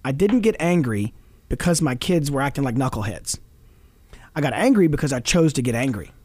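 Earnestly discussing fatherhood on a Christian talk show, a middle-aged man comes across as animated and preachy, quoting scripture and laughing often. His medium-pitched voice moves a little fast, with no echo in the recording.

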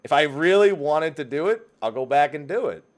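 A man's voice: a little high, animated, brisk. A man hosting a casual gaming podcast, rambling and joking, often laughing. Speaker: podcast host.

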